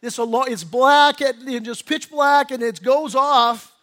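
A man's voice: very high voice, a little slow. A middle-aged male pastor giving a conversational sermon, telling stories and acting out quotes, often restarting and repeating his words. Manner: conversational storytelling with lively acted-out quotes.

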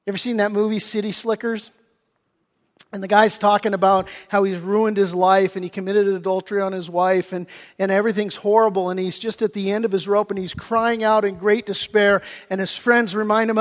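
High-pitched pastor guy preaching, gets loud then goes real quiet and pleading, big echoey church sound. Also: fairly even intonation, brisk. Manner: preaching with big swings from loud to hushed, earnest. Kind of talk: sermon.

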